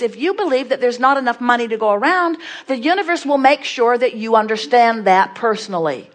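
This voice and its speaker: A woman's voice: on the high side, animated, moderate pace, few pauses. A woman giving an inspirational talk to an audience, emphatic and repetitive, asking rhetorical questions and speaking of herself as "we".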